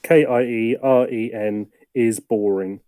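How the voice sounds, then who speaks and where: Mellow-voiced man joking as podcast guest. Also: medium pitch, fairly even intonation, smooth, no echo, clean studio sound. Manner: self-deprecating, quick jokes, stumbling restarts. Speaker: guest co-host, music journalist. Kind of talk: casual podcast chat.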